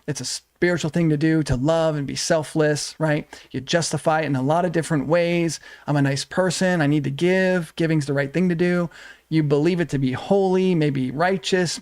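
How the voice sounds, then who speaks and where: A man coaching his livestream audience on relationships, speaking in an earnest, repetitive way. His voice sits a little on the higher side for a man, and he keeps checking in with his listeners. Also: a little mellow. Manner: earnest, repetitive phrasing with frequent "right?". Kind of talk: livestream teaching talk.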